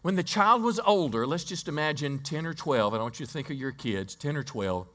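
A man preaching in a church sanctuary, his voice sitting a little high for a man. He tells the story in a conversational way, checks in with the congregation, and stumbles and repeats words as he builds his point. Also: expressive, brisk, fairly bright tone. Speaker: pastor. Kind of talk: sermon.

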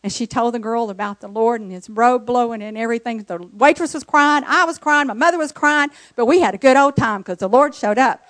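A woman's voice: a little high, a little fast, few pauses, fairly bright tone, dry recording. A woman from the congregation telling an emotional personal testimony. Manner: emotional, storytelling. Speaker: church member giving testimony.

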